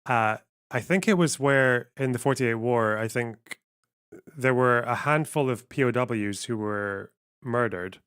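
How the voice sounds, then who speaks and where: A man's voice: mid-range voice, unhurried, fairly bright tone, clear, resonant tone, dry recording. A young male streamer hosts a live stream in a casual, blunt manner. He swears freely and laughs often. His voice sounds close and dry, with little room sound. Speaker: streamer host.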